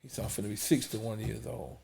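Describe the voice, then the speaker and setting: A man's voice: on the low side, steady tone, brisk, creaky, mellow, slight background noise. A man, testifying in an emphatic preaching style that repeats words and drops almost to a whisper when emotional. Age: 40s.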